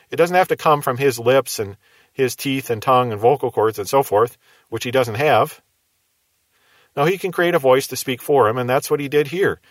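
A man teaching verse by verse from the Bible in a calm, measured manner. He explains each passage step by step and poses rhetorical questions to his listeners. His mid-range voice is recorded dry, with no room sound. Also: mid-range voice, dry recording.

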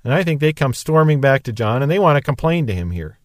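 A man's voice: medium pitch, very animated, quick pace, no room sound, studio quality. A man teaching verse by verse from the Bible, explaining in a musing, conversational way.

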